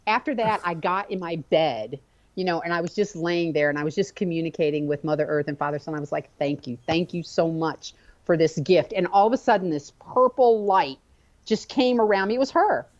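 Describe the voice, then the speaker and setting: A woman guest telling a personal story in an animated, expressive way during a conversation. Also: lowish voice, brisk, dull audio.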